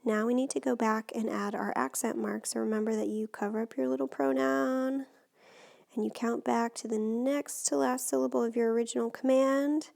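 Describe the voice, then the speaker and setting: A patient, methodical teacher guides listeners through Spanish grammar one step at a time in a recorded lesson, speaking at normal speed with fairly even intonation. Her voice is a bit high yet darkish in tone, frequently dropping into vocal fry, and is picked up close to the microphone.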